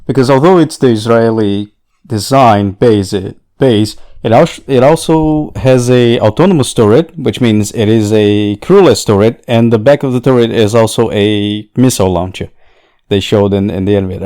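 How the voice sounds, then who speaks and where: Man, podcast co-host, casual chat, low mellow voice. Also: normal speed. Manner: chatty, laughs between points.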